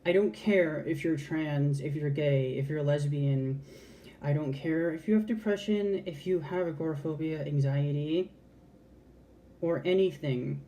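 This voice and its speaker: A woman's voice: sits low, measured pace, mellow. A trans woman talking frankly to camera in a casual, heartfelt vlog, swearing freely and restarting her sentences. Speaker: vlogger.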